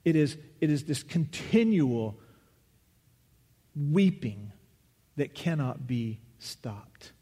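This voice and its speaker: A male pastor preaches with an earnest, searching tone, often pausing and reworking a phrase. His voice sits a bit high for a man. It rings with the long reverb of a large hall. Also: sing-song, warm tone, breathy edge. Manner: earnest, searching, with restarts and pauses. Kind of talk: sermon.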